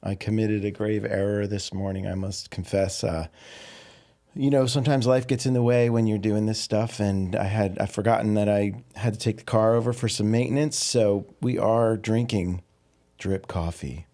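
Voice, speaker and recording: A man's voice: on the low side, fairly even intonation, normal speed, warm tone. A man hosting a casual podcast, talking in an upbeat, playful way. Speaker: podcast host.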